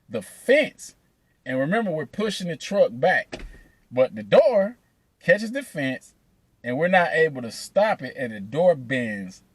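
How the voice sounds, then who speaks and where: Animated man telling a story. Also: a little high, slightly rough. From Atlanta, USA. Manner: animated, profane, laughing between lines. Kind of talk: casual storytelling.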